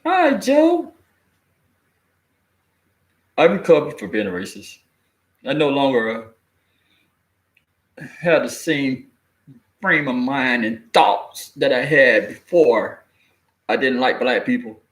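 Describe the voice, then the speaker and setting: A man giving a blunt, animated opinion rant in casual, colloquial speech, cursing freely and laughing at his own jokes. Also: medium pitch, slow pace, pauses often. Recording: echoey room.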